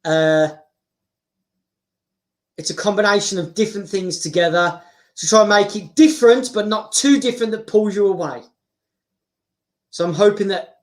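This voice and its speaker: Chatty man rambling on a livestream. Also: sits high. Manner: rambling, frequent fillers, chatty. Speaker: YouTuber. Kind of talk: casual livestream chat.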